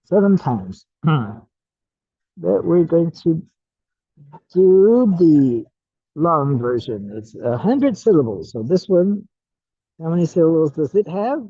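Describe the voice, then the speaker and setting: Slow, musing man with a husky voice. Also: fairly high pitch, very animated, warm tone, dry recording. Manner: slow, musing, many fillers and throat clearing. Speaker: Buddhist study vlogger. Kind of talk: casual self-study talk. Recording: muffled lo-fi recording.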